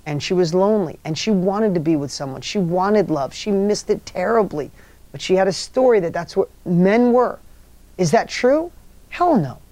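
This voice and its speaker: A man's voice: sits high, lively intonation, normal speed, darkish tone, no echo. A man leading a motivational workshop, telling stories emphatically and repeating key phrases to the audience. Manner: asks the audience rhetorical questions. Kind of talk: motivational seminar talk.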